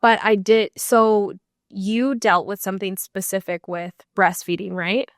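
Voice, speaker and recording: A woman's voice: mid-range voice, steady tone, measured pace, no room sound, studio quality. A woman in her thirties, a guest on a casual podcast, talking candidly and saying "like" and "literally" often. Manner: chatty and candid, leans on "like" and "literally". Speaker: guest, business owner. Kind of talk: casual conversational interview.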